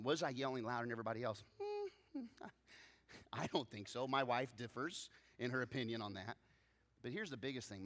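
A man preaching a sermon as pastor, telling stories with lively swings between loud bursts and soft low asides. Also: long reverb tail.

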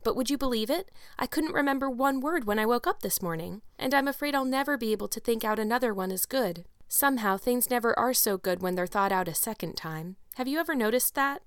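High breathless little orphan girl, dreamy and pleading, read by a woman doing the voice. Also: lively intonation, a little fast, hardly any pauses, smooth, no room sound, clean studio sound, natural voice. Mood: apologetic. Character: eager talkative orphan girl, about eleven.

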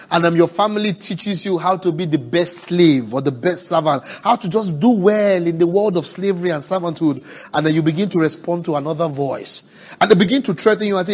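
A man preaching a sermon, asking the congregation for responses and swinging from hushed, drawn-out words to loud cries. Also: a little high. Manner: preaching with call-and-response, swelling to shouts.

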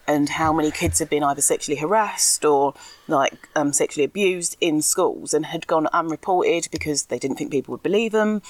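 A young woman with a notably low voice, recorded close and dry. She chats on a podcast in a candid, animated way, laughing easily and sometimes getting ranty about things she cares about. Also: normal speed, dry recording. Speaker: podcast co-host, school anti-racism educator. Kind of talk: casual podcast chat.

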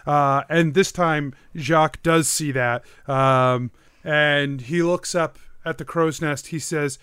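Casting: male game master, smooth clear tone, dry close sound, relaxed narration. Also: a little high, takes it slowly, no room sound. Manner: relaxed, hesitant fillers, laughing.

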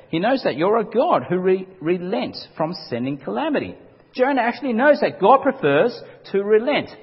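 A pastor preaches with an emphatic, animated delivery. His voice sits high and a bit husky, swinging widely in pitch. The sound is dull and carries a long hall reverb. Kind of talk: sermon.

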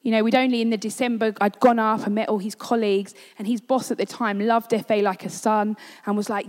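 A woman's voice: medium pitch, level tone, a little fast, few pauses, darkish tone. A woman giving a sermon, telling a personal story in an earnest way. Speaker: preacher. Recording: long hall reverb.

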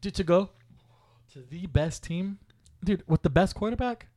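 A young man co-hosting a casual podcast, loud and profane, ribbing his friends with lots of energy. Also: high-pitched, expressive, moderate pace, dry recording, studio quality. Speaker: podcast co-host.

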